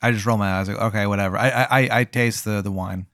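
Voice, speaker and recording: A man co-hosting a casual podcast, playing along with short, playful deadpan replies. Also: on the low side, fast talker, no room sound, studio quality. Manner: playful, deadpan questions, laughs often. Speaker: podcast co-host. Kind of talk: casual chat.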